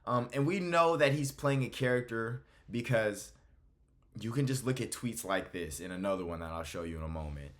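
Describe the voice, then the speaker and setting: Fed-up male commentary host, blunt and casual, fairly low voice, swears freely. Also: lively intonation, moderate pace.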